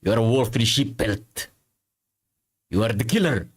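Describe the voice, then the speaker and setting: A man's voice: mid-range voice, expressive, moderate pace, slightly rough. A man voicing a stern ship officer with a put-on Russian accent, reading game dialogue on a live stream with a menacing, questioning drawl. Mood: accusing.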